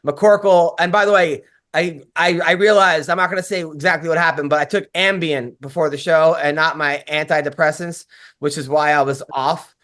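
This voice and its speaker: Swearing nonstop and circling back to restart his sentences, a male podcast host rambles through stories in relaxed conversation. He speaks at a normal pace in a fairly bright, higher-leaning voice with fairly even intonation.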